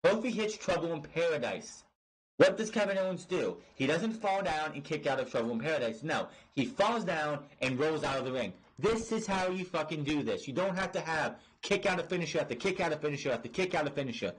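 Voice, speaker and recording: Husky and a little high, his voice comes through a low-quality recording at a slightly fast clip, animated throughout. As a podcast host covering wrestling, he vents profanely and in exasperation, stumbling through restarts and filler words.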